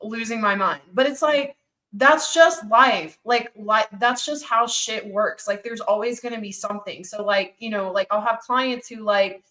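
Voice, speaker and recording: A woman's voice: fairly high pitch, a little slow, fairly bright tone. A woman hosting a podcast who also coaches clients, talking frankly and emphatically with lots of "like". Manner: emphatic, frank, uses many "like"s. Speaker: podcast host; fitness coach. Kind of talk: casual podcast conversation.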